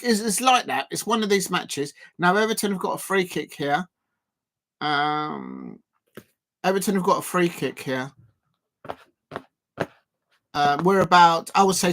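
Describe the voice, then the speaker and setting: A man's voice: fairly high pitch, sharp tone. A man hosting a live football watch-along, commenting in a rambling, hesitant way full of fillers.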